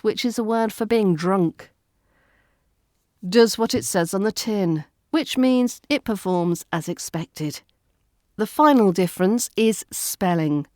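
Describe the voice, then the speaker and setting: A woman's voice: mid-range voice, darkish tone, no echo, clean studio sound. A woman with a British RP accent, hosting a podcast lesson as an accent coach, speaking carefully and spelling words out letter by letter.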